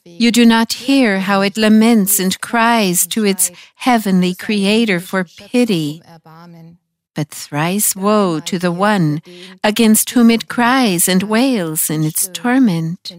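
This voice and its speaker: A solemn, compassionate male teacher speaking in slow, measured, reproachful lines, as a woman reads them aloud. He sounds grave and unhurried, with a mid-pitched voice. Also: close to an everyday voice. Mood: solemn rebuke. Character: gentle compassionate male teacher rebuking cruelty. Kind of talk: scripture reading.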